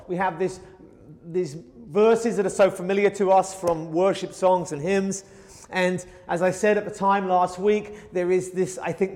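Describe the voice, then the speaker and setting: A man with a high voice preaches a sermon earnestly. He acts out quoted pleas with a rising voice. Long reverb hangs behind him. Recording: hall reverb.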